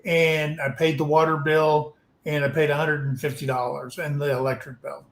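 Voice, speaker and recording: A man's voice: fairly high pitch, little pitch movement, moderate pace, reverberant, rough recording. A man casually telling a frank, rambling story to a livestream audience, swearing now and then. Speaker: open mic storyteller.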